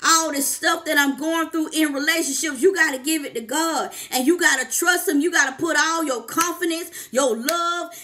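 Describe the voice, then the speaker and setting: A woman's voice: high voice, normal speed, few pauses, bright, forceful tone. A woman life coach, preaching to camera with fervent, repetitive exhortations and calls of "come on, somebody".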